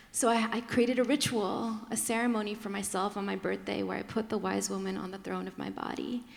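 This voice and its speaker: A woman speaking candidly on a conference panel, animated and quick to laugh, slipping into different voices as she tells her story. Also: mid-range voice, vocal fry. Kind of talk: candid personal talk on a panel. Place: large conference hall. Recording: long reverb of a large hall.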